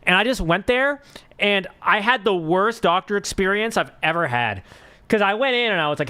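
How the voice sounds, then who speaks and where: A man's voice: high voice, sing-song, fairly quick, bright, forceful tone. A young man chatting casually on a live stream, telling a rambling story full of fillers and swearing.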